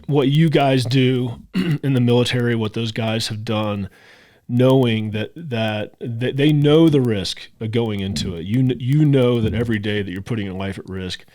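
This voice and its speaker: Male podcast host, low-pitched, heartfelt and grateful, stammers through restarts. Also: a little mellow. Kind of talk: casual interview chat.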